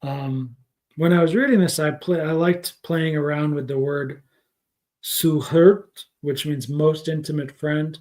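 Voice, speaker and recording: A man's voice: fairly high pitch, fairly even intonation, slow pace, darkish tone. A man teaching scripture in a casual livestream lesson, rambling and thinking aloud with many fillers. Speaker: spiritual teacher.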